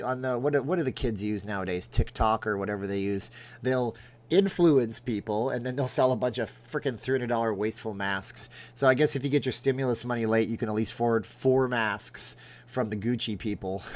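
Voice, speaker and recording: Chatty sarcastic man hosting a livestream. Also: fairly low pitch. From Las Vegas, Nevada. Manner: chatty, sarcastic, answers viewer chat. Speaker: livestream host. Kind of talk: casual livestream chat.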